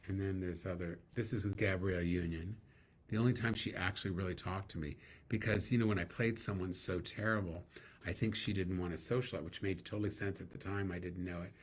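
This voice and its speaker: Middle-aged guy, low husky voice, chatty storyteller, laughs as he goes. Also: fairly even intonation, fairly quick. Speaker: guest actor. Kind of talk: casual interview storytelling.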